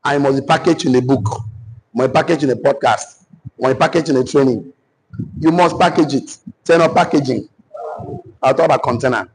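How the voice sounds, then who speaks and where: A Nigerian man coaches a class in a husky, slightly breathy voice. He dictates his points phrase by phrase and says them over and over so his listeners can take notes. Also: medium pitch, poor audio. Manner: repeats phrases slowly for note-taking. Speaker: business coach. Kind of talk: dictated teaching session.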